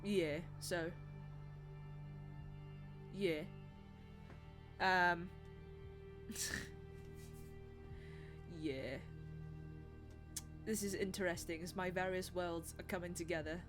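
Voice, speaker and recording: A woman's voice: on the low side, fairly even intonation, drawn-out words, pauses often, music in the background. A young woman streaming live, chatting casually in a rambling, self-deprecating way.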